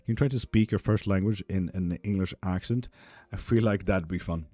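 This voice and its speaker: A young man chatting casually on a live stream, reading viewer comments, relaxed, swearing freely and cheering people on, a little ill and foggy. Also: low voice, brisk, dry recording. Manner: laid-back, swears freely, upbeat cheering. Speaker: live tarot and spell streamer.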